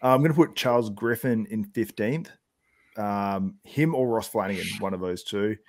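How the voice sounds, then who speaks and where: Young aussie guy hosting, lowish voice, lots of likes and ums. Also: normal speed. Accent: Australian. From Australia. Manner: rambling, filler-heavy, laughs often. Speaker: podcast host. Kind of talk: casual chat.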